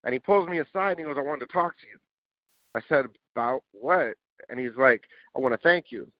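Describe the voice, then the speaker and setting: Casting: male podcast guest, lively storyteller, swears freely, acts out dialogue; muffled, dry recording. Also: medium pitch, a little fast, no room sound. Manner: animated, swears, acts out quotes. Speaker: interview guest, music producer. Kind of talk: casual storytelling. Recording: dull lo-fi dry sound.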